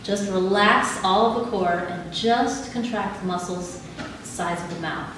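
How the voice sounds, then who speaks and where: A woman leading a live audience through body exercises in a calm, instructive way, laughing easily. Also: mid-range voice, measured pace. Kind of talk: live talk with guided exercises. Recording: echoey hall, mic at a distance, audible background noise.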